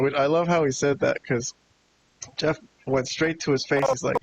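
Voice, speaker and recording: A man's voice: fairly high pitch, fairly even intonation, normal speed. A man giving a casual, laid-back review of a wrestling show, chatting and chuckling as he goes. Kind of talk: casual video review commentary. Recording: dull lo-fi with hiss.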